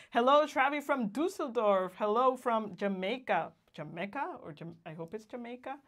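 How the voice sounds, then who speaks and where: A young woman from Guatemala, slightly high-pitched, chats on a livestream. She reads viewers' greetings aloud one after another, laughing easily between them. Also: expressive, a little slow, fairly bright tone. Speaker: co-host of a livestream. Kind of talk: casual livestream chat reading comments.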